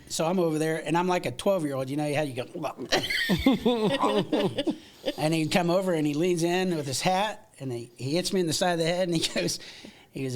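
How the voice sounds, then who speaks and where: A middle-aged American man telling stories from his past in a casual interview, animated and full of restarts and laughs. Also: fairly high pitch, brisk, slight background noise. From United States. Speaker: podcast guest.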